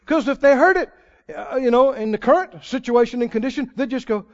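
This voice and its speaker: A man preaching a sermon, swinging from loud declarations to hushed, quiet lines. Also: very high voice, brisk, long reverb tail. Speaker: pastor. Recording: dull lo-fi sermon recording.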